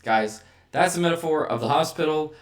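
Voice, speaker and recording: A man's voice: on the high side, fairly quick. A man hosting a vlog, talking through a motivational monologue and checking in with the listener by asking "right?" again and again. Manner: rhetorical, checks in with frequent "right?" tags. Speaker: vlog host.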